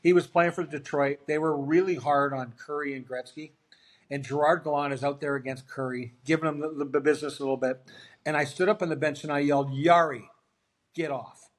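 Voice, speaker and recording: A fairly high-pitched, somewhat quick male voice belongs to a middle-aged former hockey player guesting on an interview show. He recounts stories casually and with energy, playing out the dialogue of the characters.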